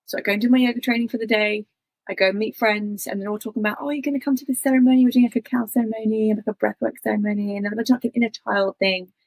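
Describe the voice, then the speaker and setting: Husky-voiced woman telling her story. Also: mid-range voice, level tone, quick pace, no room sound, low-quality recording. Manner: chatty, acts out her own past thoughts in quotes. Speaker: interview guest. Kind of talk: personal storytelling.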